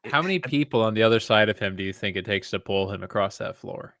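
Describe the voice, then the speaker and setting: A man's voice: fairly low pitch, quick pace, fairly bright tone, no room sound, clean studio sound. A man co-hosting a casual movie review chat, joking and laughing often. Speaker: co-host.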